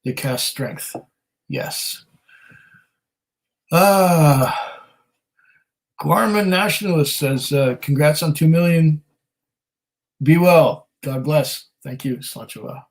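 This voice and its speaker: A man with a somewhat high voice hosts a whisky livestream from home. He reads viewer comments aloud in casual, rambling chat and is modest about himself. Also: slow pace, long pauses, rough recording. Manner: rambling and self-deprecating, with many fillers and laughs. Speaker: whisky channel host.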